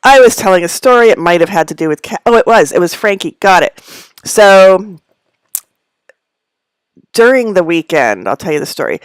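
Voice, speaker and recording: Woman host, middle-aged, rambling live-stream chat, quick laughs, dry sound. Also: deep voice, no echo. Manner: rambling, chatty, laughs often between asides. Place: at home among packed belongings.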